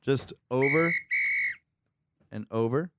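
A man co-hosting a talk show, joking along with short wry comments and telling quick stories. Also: mid-range voice, very noisy. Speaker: co-host. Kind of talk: casual chat.

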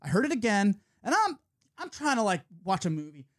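A young man hosts a casual talk show, spinning a long story and acting out what other people said. His voice is very lively and swings widely in pitch, and he swears freely. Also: a little fast. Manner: animated storyteller, lots of swearing and quoting others. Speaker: radio show host. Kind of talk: casual chat.

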